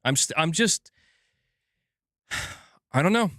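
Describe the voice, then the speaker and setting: A man's voice: on the high side, lively intonation, slow pace, a bit bright, dry recording, clean studio sound. A man in his thirties hosting a gaming channel, ranting casually with frustration, swearing and stumbling over restarts. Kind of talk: casual livestream rant.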